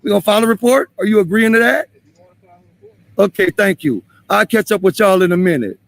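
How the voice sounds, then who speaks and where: Fiery, gravelly New man. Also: high-pitched, expressive, fairly quick, no echo. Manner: angry, profane, repeats himself, shouts at times. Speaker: man confronting police on video. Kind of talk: heated street confrontation.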